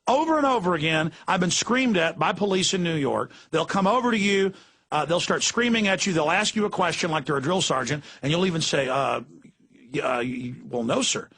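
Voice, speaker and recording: Gravelly ranting talk radio host. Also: male voice, sits high, lively intonation, fairly quick, fairly bright tone. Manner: fiery, ranting, emphatic.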